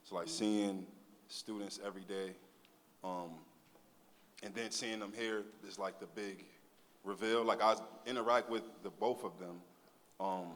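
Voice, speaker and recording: A man's voice: deep voice, a little hiss or hum. A man serving as a talent show judge, giving laid-back, hesitant feedback full of fillers. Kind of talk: casual spoken feedback. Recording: distant, quiet, with hall reverb.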